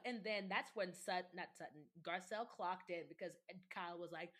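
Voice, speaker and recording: A woman's voice: fairly low pitch, fairly quick, few pauses, fairly bright tone. A woman chatting casually and animatedly on a podcast, laughing often and acting out other people's words. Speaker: podcast guest. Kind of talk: casual chat about reality TV.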